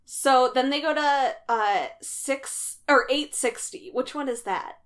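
A woman's voice: sits high, fairly bright tone. Blunt young woman recapping casually. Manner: blunt, chatty, quick to laugh. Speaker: podcast co-host.

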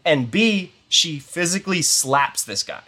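A man's voice: a little high, measured pace. Rambling young man telling a story. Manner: rambling, filler-heavy with constant "like"; animated retelling with quoted voices. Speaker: podcast host. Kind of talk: casual storytelling.

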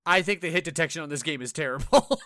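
On a casual gaming podcast, a male co-host with a slightly high, bright, forceful voice talks fast, telling animated stories, cursing freely and acting out his own frustrated reactions in quoted asides. The recording is dry and close, with no echo.

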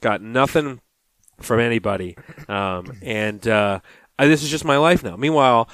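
A man's voice: mid-range voice, moderate pace, fairly bright tone, dry recording. A man co-hosting a podcast, chatting casually and acting out phone calls as he tells a story. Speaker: podcast co-host. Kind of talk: casual chat.

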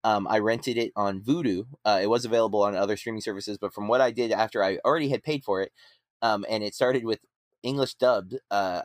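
A low-voiced man speaks into a dry, close mic. His podcast chat about a film rambles and halts, with lots of ums and restarts. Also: no echo. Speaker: podcast co-host. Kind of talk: casual movie-review chat.

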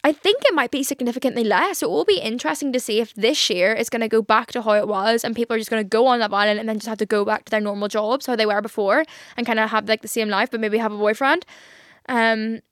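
A woman's voice: a little high, fast, no echo, clean studio sound. A young Irish woman hosting a casual solo podcast, chatty and gushing with lots of "like" fillers. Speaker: podcast host.

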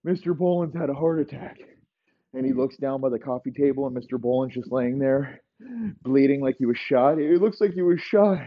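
A man spinning an improvised comic story, profane and rambling, who keeps checking in with his listeners. His voice is somewhat husky, and the recording is dull and lo-fi. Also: medium pitch, fairly even intonation, brisk. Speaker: comedian telling a story.

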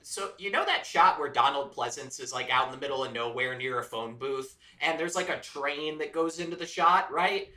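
A man's voice: a little high, normal speed, few pauses, bright, forceful tone, far from the mic. A man chatting casually on a movie podcast, laughing between his points. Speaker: podcast co-host. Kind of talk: casual film discussion. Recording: roomy sound, off-mic.

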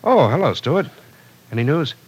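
A man's voice: on the high side, sing-song, normal speed, slightly rough, low-quality recording. An actor playing a businessman anxious for news of a kidnapping in a 1940s radio drama. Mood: concerned.

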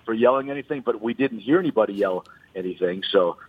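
Animated man on a tinny phone line. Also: fairly low pitch, fast, husky. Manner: animated storyteller. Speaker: golf reporter phoning in. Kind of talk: casual radio chat. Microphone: telephone.

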